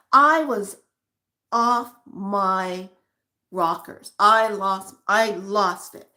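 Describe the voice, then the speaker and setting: A middle-aged woman vlogger telling a personal story to her viewers in an animated, emotional way. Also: mid-range voice, extremely slow. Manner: emotional, animated retelling with acted quotes. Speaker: spiritual vlogger.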